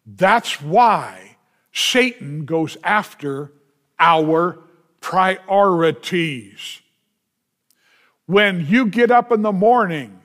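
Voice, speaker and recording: A man with a high voice preaches slowly and deliberately. He leans on repeated refrains and asks his listeners rhetorical questions, pressing each point home. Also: animated, a bit bright. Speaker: pastor. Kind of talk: sermon.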